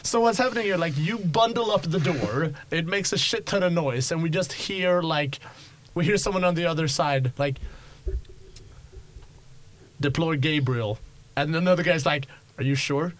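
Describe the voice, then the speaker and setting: A man's voice: fairly high pitch, fairly quick. A young man narrating as game master of a tabletop game, rambling with many fillers and restarts. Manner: rambling, lots of likes and restarts.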